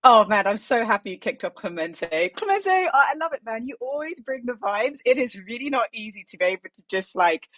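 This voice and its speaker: A woman's voice: a little high, sing-song, a little fast, hardly any pauses, a bit bright, no echo. A woman co-hosting a podcast, chatting in a playful, upbeat way and reading a market news roundup. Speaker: co-host.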